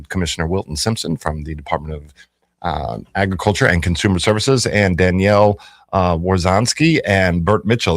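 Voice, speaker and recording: A low-voiced man hosts a morning radio talk show, chatting casually on air, rambling a little and correcting himself often. He's in a radio studio on a studio microphone, and the sound is dry and clean.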